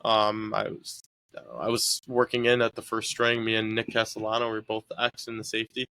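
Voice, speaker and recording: A young college soccer player, interviewed as a guest about his sports years, rambles easygoingly with lots of fillers. His lowish voice is clear and resonant with a sharp edge, completely flat in delivery and fairly quick.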